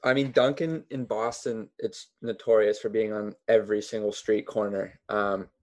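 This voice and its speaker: A man's voice: on the low side, fairly even intonation, moderate pace, a little mellow. Easygoing male co-host. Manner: easygoing, asks questions. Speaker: podcast co-host. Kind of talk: casual interview chat.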